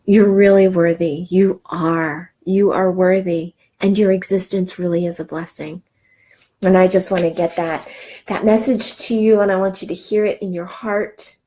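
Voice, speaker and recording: A woman's voice: medium pitch, steady tone, moderate pace, warm tone. A middle-aged woman giving an earnest, encouraging self-help talk, with frequent ums and restarts. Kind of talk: motivational talk.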